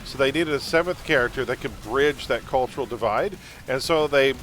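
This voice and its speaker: A man's voice: mid-range voice, moderate pace, slight background noise, poor audio. A man streaming a game, chatting casually and laughing as he talks about old movies. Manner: chatty, laughs often, animated movie talk. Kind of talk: casual chat while gaming.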